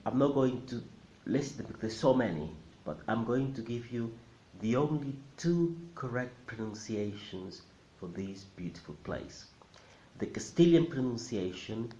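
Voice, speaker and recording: A man teaching a language in a video lesson, lively and emphatic, repeating words slowly for practice. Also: on the low side, a little hiss or hum. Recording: echoey room, dull lo-fi sound.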